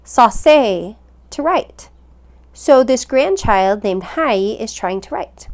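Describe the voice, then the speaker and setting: Woman teaching with patient, slow repetition. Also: on the high side, expressive, a little mellow. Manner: patient, repeats words slowly for practice. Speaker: language teacher. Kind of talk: recorded phonics lesson.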